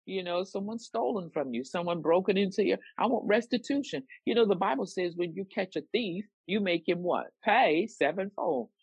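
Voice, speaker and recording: A minister teaching on prayer, animated and acting out sample prayers with emphasis. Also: mid-range voice, moderate pace, vocal fry, few pauses, slightly rough, no room sound, lo-fi sound. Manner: animated, specific, acts out prayers. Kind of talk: Bible teaching sermon.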